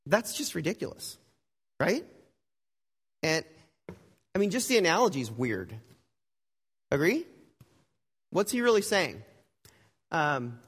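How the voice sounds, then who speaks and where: A male pastor telling a story in a sermon, in a conversational way, acting out the voices he quotes and swinging between loud and hushed. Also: fairly high pitch. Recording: long hall reverb.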